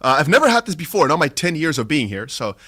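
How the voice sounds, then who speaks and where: A man hosting a casual livestream, animated and chatty with his viewers. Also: fairly high pitch, quick pace. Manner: animated, laughing, talks to viewers as lads. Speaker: livestream host.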